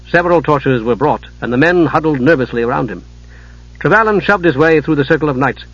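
A man reading an audiobook in a measured, dramatic narration, on a dull lo-fi recording. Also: mid-range voice, lively intonation, a bit bright, no echo.

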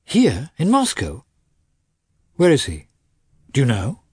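An earnest younger brother, read by a man, guilty and quick to alarm. The voice is husky and swings in pitch, recorded close and dry. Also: no room sound, full character voice. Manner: guilty, excitable.

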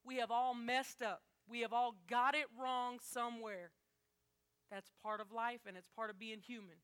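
A woman with a high, bright voice preaches a sermon. She talks straight to the congregation, emphatic and conversational, pressing hard on her key lines. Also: steady tone, moderate pace, clean tone.

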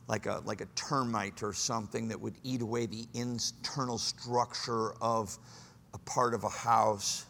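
A man preaching a sermon, swinging from loud, high exclamations to hushed, low asides. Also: level tone, moderate pace, gravelly, in a large hall. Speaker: pastor.

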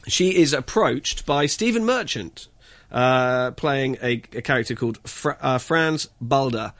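A man reviewing a film in casual radio chat, halting and stumbling as he searches for words. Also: medium pitch, expressive, a bit bright. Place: radio studio.

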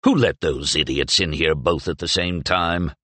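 Man doing a gruff, burly old soldier. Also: a bass voice, normal speed, sharp tone, no room sound, exaggerated voice. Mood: commanding. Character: burly middle-aged male soldier, gruff and commanding.

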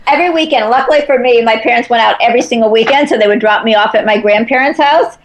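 A woman's voice: a little high, quick pace, low-quality recording. A middle-aged woman from Chicago, an author being interviewed, telling stories in a chatty way with lots of filler words. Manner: chatty, storytelling, many "like" fillers. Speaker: guest, author. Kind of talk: conversational interview.

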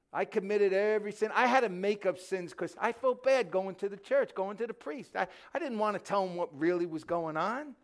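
This is a middle-aged preacher with a fairly high voice. He preaches with fervor, jumps between loud bursts and near-hushed lines, and stumbles over repeated words when he gets going. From New York. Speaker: pastor. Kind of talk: sermon.

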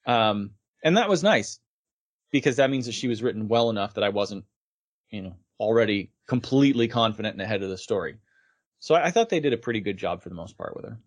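A man's voice: lowish voice, animated, quick pace. A man co-hosting a casual podcast, thinking aloud in a hesitant way with filler words. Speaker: podcast co-host. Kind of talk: casual chat.

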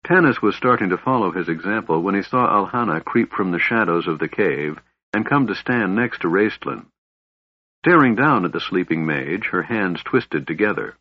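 A man narrating a fantasy audiobook in a measured storytelling manner. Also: low voice, lively intonation, slightly rough, no echo, dull audio.

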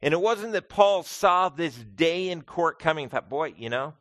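A man's voice: fairly high pitch, expressive, moderate pace, a bit bright, no room sound. Earnest preaching man, dry sound. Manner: earnest, emphatic preaching with repeated phrases. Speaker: pastor. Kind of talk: expository sermon. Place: church.

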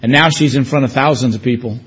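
A male preacher from the United States delivers a storytelling sermon, leaning hard on key phrases and shifting between brisk narration and slow, weighty lines. His voice has a husky edge, and the recording sounds a bit muffled. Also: medium pitch, fairly bright tone. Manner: storytelling preacher, emphatic, varied pace. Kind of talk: sermon with personal stories.

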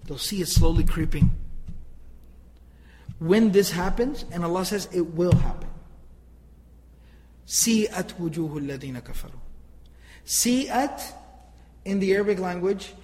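A man's voice: high voice, moderate pace, pauses often, warm tone, in a large hall, rough recording. A man teaching Quranic grammar, emphatic and asking rhetorical questions, often repeating himself. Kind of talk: explaining Quranic grammar to listeners.

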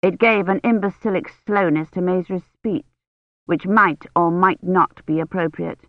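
An audiobook narrator reading a novel in an even, clear storytelling manner. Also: medium pitch, moderate pace, dry recording, narrow, tinny audio. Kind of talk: scripted narration.

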